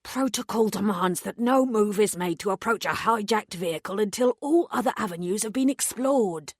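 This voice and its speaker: A stern male armed officer barks orders and recites protocol in a clipped, rule-bound manner, as a woman narrator puts him on. His delivery stays even and firm. The recording is close and dry, with no room sound. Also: medium pitch, moderate pace, no echo, close to an everyday voice. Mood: urgent. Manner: clipped, by-the-book.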